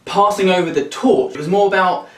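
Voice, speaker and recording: A man's voice: high voice, fairly quick, fairly bright tone. A man hosting a casual film review, opinionated and rambling with restarts. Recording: roomy, mic at a distance.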